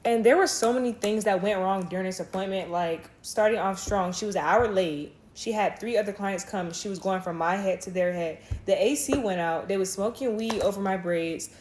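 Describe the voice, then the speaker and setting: A woman's voice: medium pitch, normal speed, hardly any pauses, a little mellow, a little hiss or hum. A woman chatting straight to her viewers as she starts a story time. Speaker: vlogger. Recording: roomy room echo.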